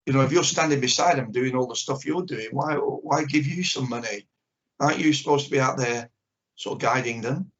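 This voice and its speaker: Over dull, lo-fi video call audio, an older man who teaches karate gives a candid interview, blunt and full of strong opinions. His mid-range voice is fairly bright and a little fast, and he acts out small exchanges as he talks.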